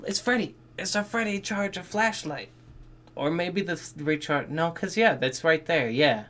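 A man giving casual, excitable reaction commentary on a game trailer, swearing freely and thinking out loud. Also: on the high side, normal speed. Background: game trailer music.

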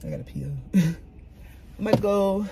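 A woman chatting casually to her camera from inside a car, animated and swearing freely as she talks to herself. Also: mid-range voice, slow, gravelly. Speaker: vlogger. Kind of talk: casual car vlog chat. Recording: car noise behind the voice. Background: vehicle ambience.

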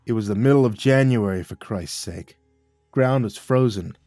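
A man voicing the ghost of a drunken, contemptuous father, with a rough, slurring, rasping voice. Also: fairly low pitch, moderate pace, dark tone, dry recording, faint music behind, natural voice. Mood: gruff.

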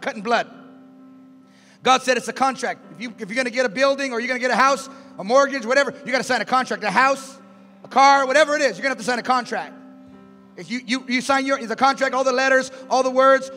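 A male pastor with a very high, bright, piercing voice, shouting and calling back and forth with his congregation. The sermon is taken in a big hall with a long echo, and soft music plays under him. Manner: shouting call-and-response, drives the crowd. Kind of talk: preaching a sermon. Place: large church hall with music. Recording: echoey church hall with music behind.

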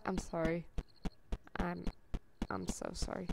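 A woman giving chatty let's-play commentary on a survival game, gasping at finds and breaking into squeaky sing-song calls. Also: normal speed, a little hiss or hum. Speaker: gameplay commentator.

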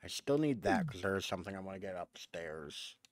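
A man's voice: sits low, very animated, brisk, noisy background. A man streaming a video game, chatting casually and rambling as he plays. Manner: rambling, self-correcting, chatty. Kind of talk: casual gameplay commentary. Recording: game music playing behind.

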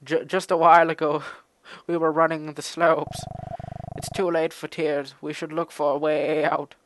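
A man reading game dialogue aloud, voicing a gentle, grieving female mountain goat in a slow, soft, earnest way. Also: fairly high pitch, flat delivery, background noise, voice pushed up, lightly acted. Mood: mournful. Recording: game music underneath.

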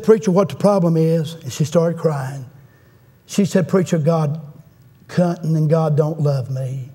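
A man's voice: high-pitched, warm tone, breathy edge. A middle-aged man preaching a fervent revival sermon in a church, telling a story and calling out to the congregation. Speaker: guest preacher. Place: church sanctuary.

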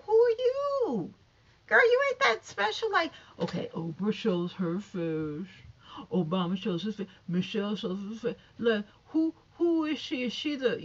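A woman with a high, youthful-sounding voice chatting casually and sassily to camera about online gossip. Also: dull audio. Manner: chatty, sassy, animated, talks straight to viewers. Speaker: YouTube commentator.

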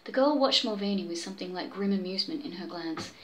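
A woman's voice: mid-range voice, expressive, fast talker, rough recording. Woman casually reading a pulp story aloud. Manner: stumbles and restarts, whispered asides to herself. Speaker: channel host reading aloud.

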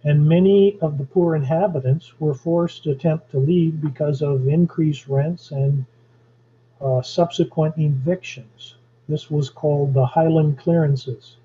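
Older-sounding man, slow husky lecturer, dull lo-fi recording. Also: a little high, fairly even intonation, mellow, slight background noise. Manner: slow, deliberate, with pauses and fillers. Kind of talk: history lecture.

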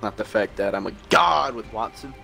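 A man's voice: fairly low pitch, expressive, normal speed, gravelly, bright, forceful tone, soft background music. A man chatting dryly and matter-of-factly with a friend while they play a game. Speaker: gaming teammate. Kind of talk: casual gameplay chat.

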